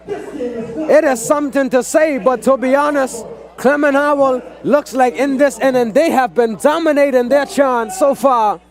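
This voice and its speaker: A man from the Turks and Caicos Islands giving hyped live play-by-play commentary, often shouting and repeating "ladies and gentlemen" to the stream audience. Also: extremely high pitch, a little slow. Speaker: sports commentator. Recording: live stream with faint crowd and music behind.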